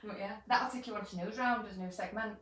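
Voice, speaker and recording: A woman's voice: medium pitch, quick pace, a bit bright. A woman co-hosting a podcast, teasing and chiming in during casual chat. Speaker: podcast co-host. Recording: roomy, distant mic.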